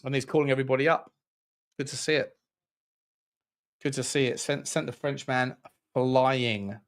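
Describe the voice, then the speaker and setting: A man streaming a football watchalong, giving running commentary on the game with jokes and shout-outs to viewers. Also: medium pitch, normal speed. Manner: jokey, excitable, chats with viewers between plays. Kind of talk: live match commentary and chat.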